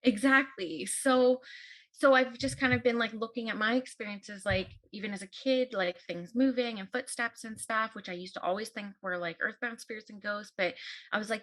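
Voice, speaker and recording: A woman's voice: medium pitch, moderate pace, a bit bright, rough recording. A woman hosting an interview in casual chat, talking with lots of filler words. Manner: chatty, many fillers. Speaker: podcast host.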